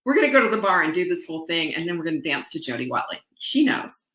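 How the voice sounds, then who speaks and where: A woman's voice: fairly low pitch, sing-song, quick pace, fairly bright tone, reverberant. A woman hosting a motivational show, talking in a playful, chatty way to her viewers and dropping into sung snippets and mimicked voices. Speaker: host. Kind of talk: upbeat motivational talk.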